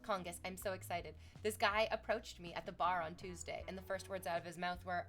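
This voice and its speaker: A woman's voice: on the low side, steady tone, brisk, hardly any pauses, a bit bright, faint music behind. A young woman streaming from Canada, chatting with viewers in a rambling, sarcastic and profane way. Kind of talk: casual stream chat.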